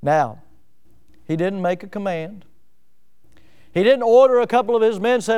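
A man's voice: high-pitched, animated, normal speed, pauses often, a little mellow, clear, resonant tone. A man from Northwest Florida preaching a sermon, asking the congregation pointed rhetorical questions and building up emphasis. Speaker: pastor.

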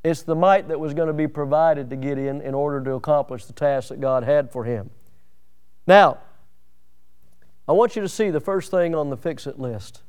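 A man preaches with a high, clear and resonant voice. He is animated and playful, slipping into the voices of biblical figures as he preaches. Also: normal speed. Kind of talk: sermon.

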